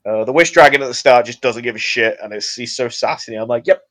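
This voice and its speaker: A young man on a casual podcast, excitedly retelling a film plot in a rambling way. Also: medium pitch, quick pace. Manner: rambling, excitable storytelling with laughs. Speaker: podcast co-host. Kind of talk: casual chat.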